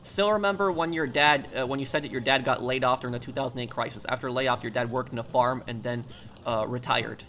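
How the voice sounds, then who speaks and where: A man's voice: medium pitch, a little fast, fairly bright tone, a little hiss or hum. A man who hosts a live stream from the United States, reading viewer comments aloud and answering them in a rambling, opinionated way while he plays.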